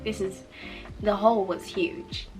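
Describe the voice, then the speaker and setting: A woman vlogger sharing a personal testimony in casual storytelling, animated as she acts out her own past reactions, her speech altered by a mouth cover plate. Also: medium pitch, a little slow, music in the background, poor audio.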